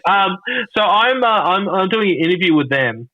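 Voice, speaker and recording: An Australian man, a podcast guest, telling stories in a rambling, halting way with lots of restarts and swearing. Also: high-pitched, expressive. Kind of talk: casual storytelling. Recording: dull lo-fi dry sound.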